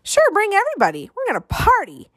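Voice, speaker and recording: A woman voicing an excited, pushy young boy in an audiobook, high and eager, rushing his words. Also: dry recording, heavily acted.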